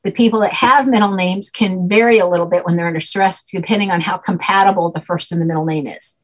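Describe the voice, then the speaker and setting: A woman guest explaining spiritual ideas in a measured conversational way. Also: lowish voice, steady tone, slightly rough, low-quality recording. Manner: measured, explanatory, with occasional fillers.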